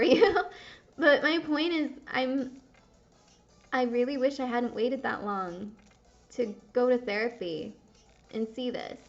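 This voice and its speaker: Pausing often and keeping a measured pace, a young woman with a high voice plays a game and chats frankly for her gaming channel. She drifts between topics and swears at the game now and then. The recording sounds dull and lo-fi.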